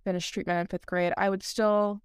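Smooth-voiced young woman chatting casually. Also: mid-range voice, flat delivery, a little fast, no room sound. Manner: chatty, lots of "like" fillers, laughs often. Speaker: podcast co-host. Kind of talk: casual podcast chat.

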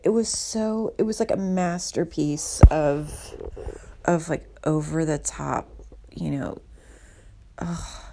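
A woman's voice: sits low, gravelly, darkish tone, slight background noise. A woman hosting her own podcast, talking in a candid, rambling and self-deprecating way as a casual monologue. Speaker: podcast host.

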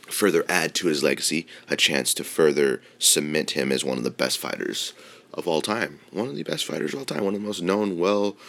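A man's voice: very deep voice, a bit bright. A man talking casually as a podcast host, rambling with lots of fillers and swearing freely. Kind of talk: casual opinion talk on mixed martial arts.

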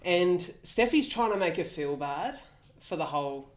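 Sweary young Australian bloke telling a story. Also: male voice, sits high, expressive, normal speed. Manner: blunt, sweary, laughing storyteller. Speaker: podcast co-host. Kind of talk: casual storytelling chat.

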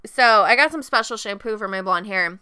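Bright, crisp-voiced woman telling profane stories. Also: mid-range voice, brisk, dry recording. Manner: profane, animated storytelling with quoted voices. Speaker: podcast co-host. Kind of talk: casual chat.

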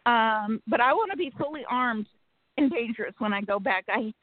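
A woman calling in to a talk show, telling her story in an earnest, frustrated way with many fillers and pauses. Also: on the high side, expressive, dry recording. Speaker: caller. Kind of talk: phone-in storytelling. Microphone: telephone. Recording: phone line.

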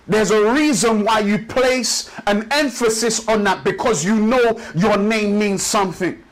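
Male pastor with a high voice, rhythmic repetitive sermon delivery. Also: poor audio. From Nigeria. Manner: rhythmic preaching with repeated phrases, slows for emphasis. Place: church service.

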